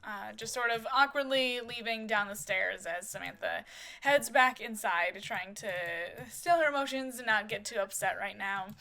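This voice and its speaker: Woman, casual soap opera narration, many fillers, gravelly, bright. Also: on the high side, moderate pace.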